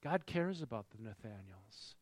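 Very animated and on the low side, this pastor's voice moves at a moderate pace with no room sound. He preaches in an engaging, conversational manner, frequently quizzing the congregation.

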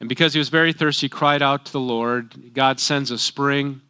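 A man's voice: mid-range voice, fairly even intonation, moderate pace, pushed and bright, clean tone. A middle-aged man reading a Bible passage aloud and breaking in with casual, folksy comments as a teacher. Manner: reads scripture then breaks in with folksy asides.

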